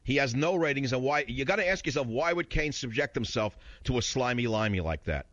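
A man's voice: mid-range voice, expressive, fairly quick, a bit bright, no echo, highs cut off. A man hosting a talk radio show, combative and mocking as he rants about the news.

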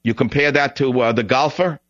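A man's voice: medium pitch, brisk, fairly bright tone, dry recording. A man hosting a talk radio show, delivering an angry, ranting monologue full of rhetorical questions, his voice strained. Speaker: radio talk show host taking calls. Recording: dull, dry broadcast audio.

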